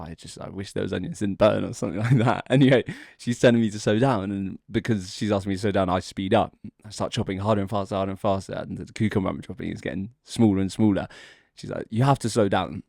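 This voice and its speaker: A man's voice: low voice, steady tone, fast talker, vocal fry, few pauses, darkish tone, no echo, studio quality. A young adult man, a podcast co-host, casually telling a long, rambling joke story and laughing as he goes. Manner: rambling, laughs often, drags out the setup.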